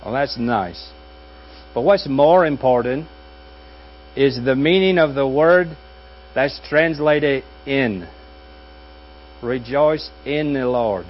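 Pastor, man, wry conversational sermon delivery, muffled take with light hum. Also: mid-range voice. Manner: conversational and wry, with dry jokes and pauses. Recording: dull audio with faint mains hum.

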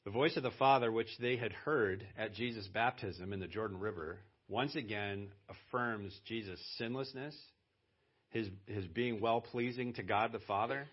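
A man preaching a sermon as pastor, talking conversationally and then pressing hard on key words for emphasis. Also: fairly low pitch. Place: church. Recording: dull lo-fi church sermon audio.

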